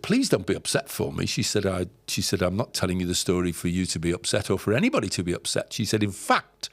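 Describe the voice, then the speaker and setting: Brief: low, gravelly male storyteller, dry close sound, halting and heartfelt. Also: dry recording. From England. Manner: emotional, halting, many fillers and restarts. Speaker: podcast guest storyteller. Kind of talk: casual anecdotal storytelling.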